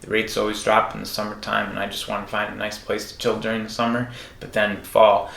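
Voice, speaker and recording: A man who works as a travel nurse, hosting his own show in a relaxed monologue with lots of fillers. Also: lowish voice, brisk, gravelly. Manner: relaxed, filler-heavy speech. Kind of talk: casual solo show monologue.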